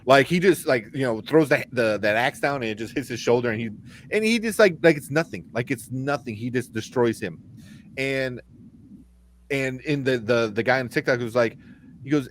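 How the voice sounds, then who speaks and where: A man's voice: medium pitch, moderate pace, a little hiss or hum. A man co-hosting a podcast, casually recapping a movie scene in a rambling way, acting out the characters' lines. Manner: rambling recaps with acted-out quotes. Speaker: podcast co-host. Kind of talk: casual chat.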